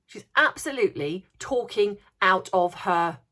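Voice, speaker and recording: A woman's voice: medium pitch, lively intonation, a little slow, a bit bright. A woman vlogger giving opinionated commentary, indignant and sarcastic, firing off rhetorical questions and repeating words for emphasis.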